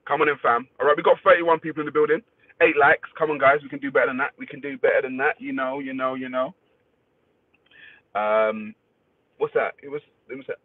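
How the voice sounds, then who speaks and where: A man's voice: mid-range voice, husky, no room sound. A man hosting a casual livestream, greeting viewers by name, reading their comments and swearing freely. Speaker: livestream host. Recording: dry, phone-like thin sound.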